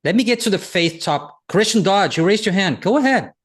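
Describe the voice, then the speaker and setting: A man hosting a founders' faith discussion, telling his own stories in an animated way and laughing along. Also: high voice, a little fast, slightly rough. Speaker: host leading a founders' faith talk. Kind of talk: animated storytelling.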